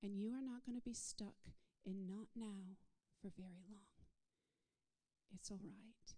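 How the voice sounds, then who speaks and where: A woman preaching a sermon, swinging from soft whispered passages to loud, rising declarations in a repetitive call-and-response rhythm. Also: medium pitch, steady tone, unhurried.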